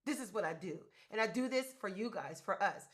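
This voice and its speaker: A woman's voice: mid-range voice, lively intonation, a little fast. A woman in her fifties hosting a casual livestream for viewers, talking emphatically and repeating her key words. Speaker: business coach and livestream host.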